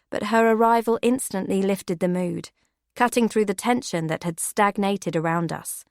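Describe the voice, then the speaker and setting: A woman giving steady, measured first-person audiobook narration. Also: medium pitch, no echo, clean studio sound.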